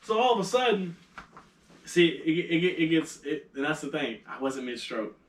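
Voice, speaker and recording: A young podcast co-host with a slightly high voice and moderate pace tells a story in casual chat, laughing and acting out the quotes. The recording has a little hiss or hum and sounds like an echoey room, a bit far from the mic.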